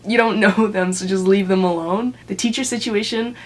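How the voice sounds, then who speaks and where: A woman's voice: medium pitch, steady tone, moderate pace. Chatty young woman ranting to camera. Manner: chatty, filler-heavy, laughs mid-sentence. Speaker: vlogger. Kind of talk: casual storytime rant.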